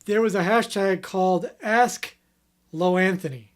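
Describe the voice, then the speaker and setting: A man's voice: high-pitched, unhurried. Easygoing male podcast co-host. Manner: easygoing, reads out fan questions with lots of fillers. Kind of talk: casual comedic chat.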